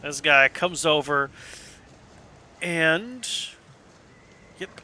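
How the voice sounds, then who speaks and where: A man's voice: fairly high pitch, expressive, extremely slow, bright, forceful tone. A man narrating as game master for a tabletop game in a loose, casual way, with many fillers and some swearing.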